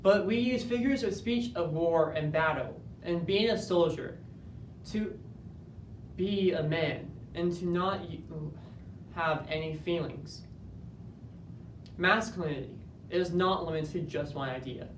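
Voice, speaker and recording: Earnest man performing from far off. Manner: earnest, measured, rising to intense emphasis. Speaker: speech competitor. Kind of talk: dramatic oral interpretation. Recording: roomy, distant, faint rumble.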